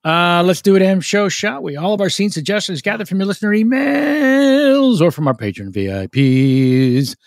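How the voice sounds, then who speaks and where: A man hosts a comedy podcast, chatting casually and reading out listener mail. His voice sits a little high, and the sound is dry and close. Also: sing-song, moderate pace, vocal fry, hardly any pauses, no room sound. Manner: chatty, self-interrupting. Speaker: podcast host.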